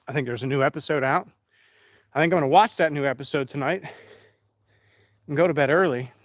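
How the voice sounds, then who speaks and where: A man's voice: mid-range voice, dry recording. Chatty man live-streaming. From Pennsylvania. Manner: rambling, chatty, talks straight to the chat. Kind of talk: casual live-stream chat.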